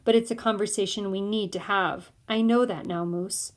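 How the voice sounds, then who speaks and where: A woman voicing a calm, quiet mother. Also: medium pitch, normal speed, close to an everyday voice. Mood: tender. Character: worried mother speaking calmly to her son.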